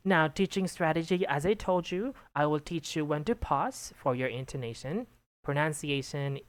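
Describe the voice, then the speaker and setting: Patient low-voiced woman tutoring English. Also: moderate pace, dry recording. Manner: patient, encouraging, with frequent "okay" and restarts. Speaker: English tutor giving exam feedback. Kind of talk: one-on-one online lesson feedback.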